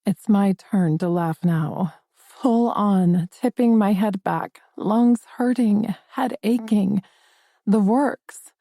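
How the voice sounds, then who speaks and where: A woman narrating a first-person romance audiobook in an intimate, expressive storytelling manner. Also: medium pitch, slow, no room sound, clean studio sound.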